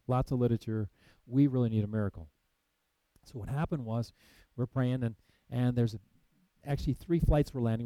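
Preacher, male, mellow dry voice, animated storyteller who drops to a hush. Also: mid-range voice, no room sound, rough recording. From United States. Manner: animated storytelling, acts out quoted voices, then hushed and solemn. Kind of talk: sermon storytelling.

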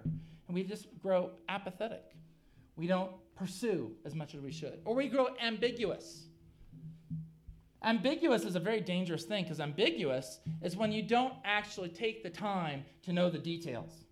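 A man's voice: high voice, lively intonation, moderate pace. A middle-aged man preaching a sermon, talking casually and building to emphatic peaks. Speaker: pastor.

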